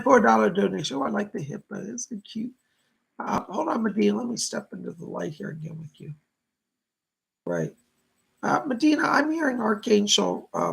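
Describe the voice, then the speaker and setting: With a deeply gravelly, husky voice that is a bit bright, this psychic medium runs a live-streamed reading. His pitch rises and falls widely as he relays messages from spirits and thanks viewers who donate.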